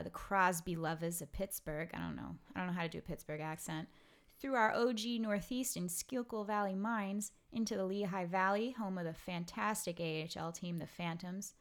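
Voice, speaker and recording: A woman from Brooklyn co-hosting a podcast in casual chat, rambling with lots of "like" and the odd curse word. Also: lowish voice. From Brooklyn, New York. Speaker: podcast co-host.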